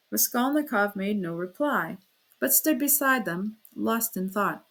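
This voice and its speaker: A woman narrating a classic novel as an audiobook reader, in a steady storytelling manner. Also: measured pace. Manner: steady storytelling, raises pitch and volume for quoted speech. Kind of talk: scripted narration.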